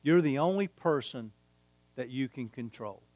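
A man's voice: mid-range voice, lively intonation, measured pace, a little mellow, no room sound. A man preaching a sermon, emphatic and repeating his key phrases. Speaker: pastor.

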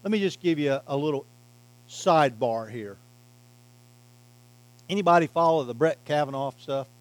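A man preaching a sermon as pastor, emphatic, swinging from loud to quiet and slowing on key words. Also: fairly high pitch, animated, low-quality recording. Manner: emphatic preaching, varying loudness and pace.

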